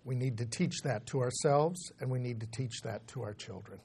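A middle-aged man preaching a sermon, swinging between loud emphatic declarations and low, quiet stresses. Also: moderate pace, gravelly, a little hiss or hum.

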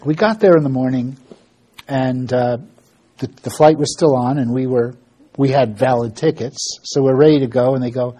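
A man's voice: mid-range voice, normal speed, warm tone. A man giving an informal spoken update about his ministry work, telling stories with fillers and restarts and acting out the dialogue. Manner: storytelling with frequent fillers and restarts; acts out dialogue in quoted voices.

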